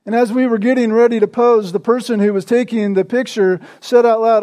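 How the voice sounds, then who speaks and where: A man preaching a sermon with a notably high, light voice. His tone is mellow and warm rather than bright. He tells his stories conversationally and keeps checking in with the congregation through rhetorical questions. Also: fairly even intonation, brisk, hardly any pauses. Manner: conversational storytelling, asks the listeners rhetorical questions. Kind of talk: expository sermon.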